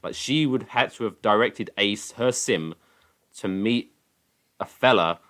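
A man's voice: on the low side, a little slow, a bit bright. A man hosting a podcast in casual chat, blunt and sweary, asking wry questions. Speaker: podcast host.

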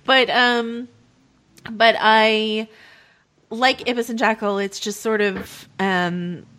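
A woman hosting a podcast in casual chat, talking quickly and laughing often. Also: fairly high pitch, steady tone, a bit bright. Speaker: podcast host.

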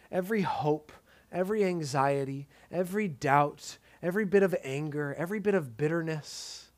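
A man preaching a sermon in an earnest tone, dropping to soft emphatic lines and casual asides. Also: a little high.

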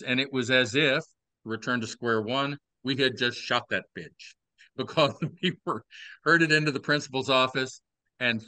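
Bright-voiced older Southern man. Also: medium pitch, smooth, no echo. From Texas. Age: 60s. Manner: wry, drawn-out storytelling with playful asides. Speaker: podcast host. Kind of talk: casual storytelling chat.

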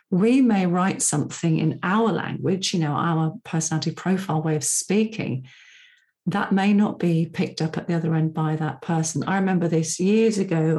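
A middle-aged woman talks through a solo podcast episode. Her voice sits a little low for a woman. She speaks in a chatty, personal way and drifts into asides. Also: darkish tone. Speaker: podcast host and personality profiling coach. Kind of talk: casual solo podcast talk.

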